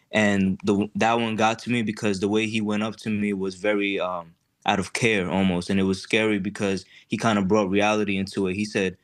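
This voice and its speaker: Deep, flat-voiced young man. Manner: halting, many fillers and restarts. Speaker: client describing his case. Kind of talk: conversational interview storytelling.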